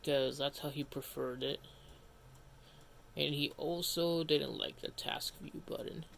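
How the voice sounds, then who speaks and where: A man's voice: fairly high pitch, fairly even intonation, takes it slowly, gravelly, fairly bright tone, slight background noise. Rambling young-sounding male streamer, casual. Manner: rambling, self-interrupting, casually grumbling. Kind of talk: casual livestream commentary.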